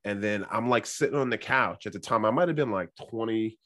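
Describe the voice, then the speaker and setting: Man, storyteller, casual chat, lively, many fillers, dry sound. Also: lowish voice, brisk, dry recording.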